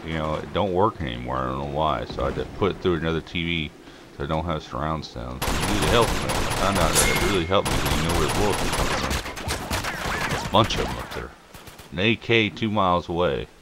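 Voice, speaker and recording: A man's voice: very deep voice, animated, quick pace, very noisy. A man giving casual live commentary on a shooting game he is playing, swearing and trash-talking at other players and laughing, a little groggy from just waking up. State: just woken up, throat a bit choked. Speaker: gameplay commentator. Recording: loud gunfire from the game.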